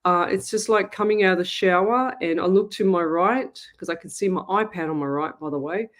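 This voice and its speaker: A woman's voice: fairly low pitch, brisk. A middle-aged Australian woman, a psychic medium hosting a live stream, chatting casually, laughing easily and greeting viewers by name.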